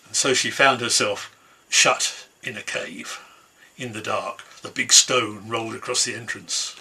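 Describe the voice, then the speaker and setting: Brief: male storyteller, bright, husky, relaxed folk-tale telling. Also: fairly low pitch, a little slow. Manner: easygoing, conversational telling. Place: home, online concert.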